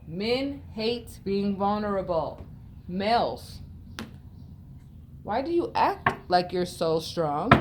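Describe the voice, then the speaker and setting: A woman's voice: medium pitch, darkish tone, a little hiss or hum. A woman tarot reader talking straight to her viewers, blunt and emphatic, often acting out her exchanges with Spirit. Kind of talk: direct-to-camera spiritual talk.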